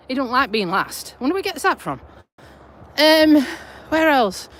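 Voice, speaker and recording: Her high voice swings widely in pitch at a moderate pace, with a little hiss or hum in the audio. She's a UK vlogger in her forties, rambling and laughing easily on a casual live stream as she walks her dog outside, talking into a phone.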